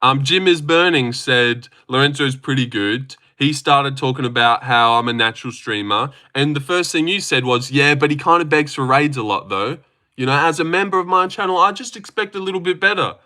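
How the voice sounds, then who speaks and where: A man's voice: mid-range voice, a little fast, hardly any pauses, bright, forceful tone. A young man rambling casually on a live stream, reading chat aloud and teasing viewers. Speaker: livestreamer.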